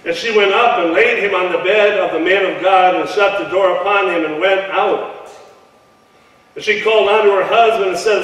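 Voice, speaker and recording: In a church sanctuary, a male pastor preaches a sermon, reading scripture aloud and calling on the congregation to respond. His voice sits high and a bit bright at a normal speed, recorded from far off in an echoey hall.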